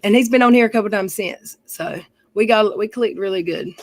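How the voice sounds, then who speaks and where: A woman's voice: medium pitch, fairly quick, no room sound, rough recording. A woman hosting a livestream, telling family stories in a rambling, chatty way and often correcting herself mid-sentence. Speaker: livestream host. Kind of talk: casual storytelling chat.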